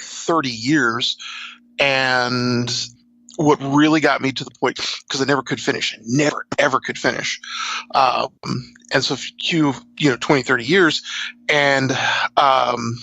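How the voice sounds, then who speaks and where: A man's voice: medium pitch, moderate pace, gravelly, bright, forceful tone, no echo, poor audio. A middle-aged man from South Texas, an author guest telling stories about his writing in a casual, rambling, self-deprecating way with frequent laughs. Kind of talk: casual conversational storytelling.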